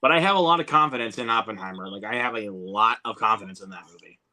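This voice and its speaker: A man chatting casually with a friend about films, relaxed and full of fillers. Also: on the low side, quick pace. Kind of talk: casual chat.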